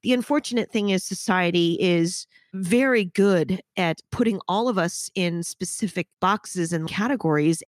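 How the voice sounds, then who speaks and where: A woman's voice: on the low side, normal speed, no room sound, studio quality. A woman hosting a podcast interview, talking frankly and emphatically and swearing casually. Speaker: podcast host. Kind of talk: candid interview conversation.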